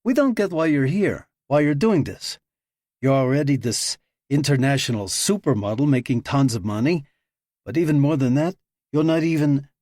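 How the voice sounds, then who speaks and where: A man's voice: medium pitch, lively intonation, measured pace, a little mellow, no room sound, studio quality. Man doing a cocky young male agent. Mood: challenging. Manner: joking, cocky.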